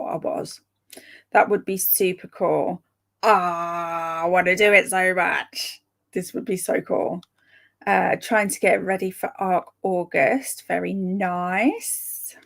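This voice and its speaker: A woman chatting casually with live viewers, reading out their comments, chatty and excitable, with a gravelly voice. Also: on the low side, unhurried. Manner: chatty and excitable, breaks into laughs and sudden whispers. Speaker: streamer reading live chat.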